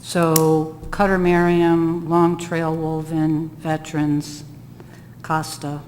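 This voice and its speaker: A woman giving a volunteer update at a town committee meeting, halting with many pauses. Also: low voice, little pitch movement, a little mellow. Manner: halting, many ums, slow and hesitant. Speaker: trail adopter volunteer coordinator. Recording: distant room mic, echoey hall, faint noise.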